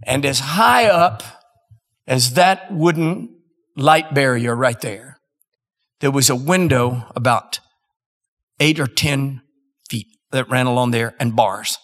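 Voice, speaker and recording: A male preacher tells a story from the pulpit, dramatic and emphatic. He speaks slowly and leaves weighty pauses between his phrases. His voice echoes with a long reverb through a large hall. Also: medium pitch, a bit bright. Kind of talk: sermon storytelling.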